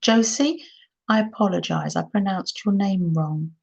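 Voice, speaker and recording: A woman's voice: mid-range voice, a little slow, vocal fry, darkish tone. An older woman, gushing in a casual livestream chat while she shows crafts to viewers. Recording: dull lo-fi sound.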